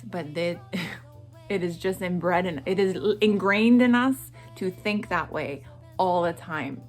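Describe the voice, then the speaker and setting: A middle-aged woman from Atlantic Canada chatting through a morning vlog in an animated way. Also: mid-range voice. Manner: animated and chatty, with frequent laughs and self-talk asides. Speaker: vlogger.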